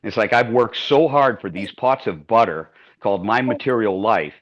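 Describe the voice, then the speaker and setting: A man with a lowish voice tells a story with lots of restarts and acted-out quotes. The sound is muffled and lo-fi, as if captured on a dull recording. He talks casually in a class discussion. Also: moderate pace. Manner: animated, self-interrupting storyteller. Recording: muffled lo-fi audio.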